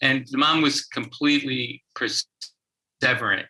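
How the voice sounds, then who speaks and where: A man tells a story from his work as a therapist in a podcast interview. He speaks slowly and stops often to restart his sentences. His voice sounds very bright and edgy. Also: medium pitch, fairly even intonation, low-quality recording. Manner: slow, halting, with many restarts. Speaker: guest, child therapist.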